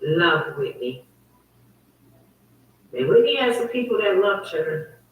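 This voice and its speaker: A woman's voice: mid-range voice, sing-song, slow pace, very echoey, distant mic, poor audio. A woman hosting her own online talk show, telling a story in a heated, emphatic, repetitive way. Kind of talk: casual livestream monologue.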